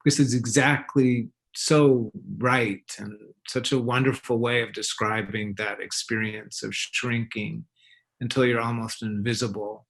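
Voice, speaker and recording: Appreciative man in mid pitch. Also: steady tone, unhurried, vocal fry, fairly bright tone. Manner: appreciative, reflective. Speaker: guest expert. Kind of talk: interview conversation.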